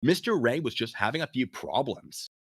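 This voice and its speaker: A man voicing a shaken, confused young male secretary, telling what happened in a high, strained, halting way. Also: huge pitch swings, bright, forceful tone, exaggerated voice.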